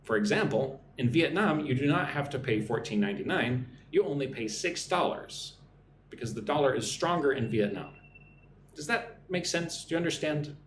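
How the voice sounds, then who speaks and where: An American man teaching business English on a live stream, speaking slowly and clearly and often checking in with "right?". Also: medium pitch, expressive, reverberant, slight background noise. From United States.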